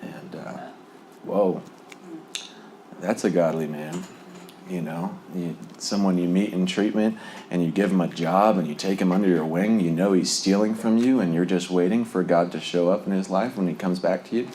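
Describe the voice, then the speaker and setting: A man's voice: low-pitched, moderate pace, warm tone, slight background noise. A man sharing a personal recovery testimony in a conversational, rambling way, full of fillers and small laughs. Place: Lubbock, Texas.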